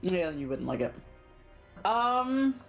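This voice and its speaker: A woman playing in a tabletop game over a voice call, relaxed and joking while she plans her turn. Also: on the low side, slow, creaky, faint music behind. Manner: relaxed, joking, thinks aloud with fillers. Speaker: player.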